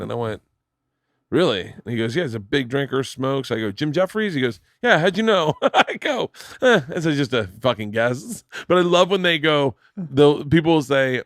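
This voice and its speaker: A podcast host in casual chat, telling animated anecdotes and putting on the voices of the people in them. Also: male voice, a little high, normal speed, no echo, clean studio sound.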